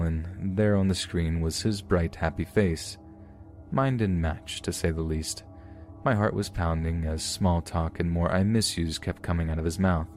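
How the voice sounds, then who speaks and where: Deep-voiced man narrating horror stories. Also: a little mellow. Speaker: podcast narrator. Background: faint music.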